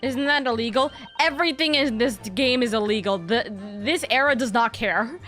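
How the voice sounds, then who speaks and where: A woman's voice: a little high, moderate pace, a bit bright, soft background music. A woman hosting a stream, chatting casually and rambling with giggles while she plays. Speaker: streamer host. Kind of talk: casual chat while playing.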